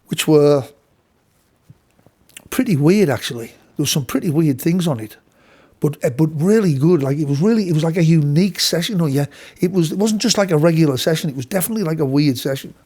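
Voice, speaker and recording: A man's voice: a little high, animated, a little fast, warm tone, husky. A man, a session guitarist from England, telling a studio story casually with many restarts and some swearing.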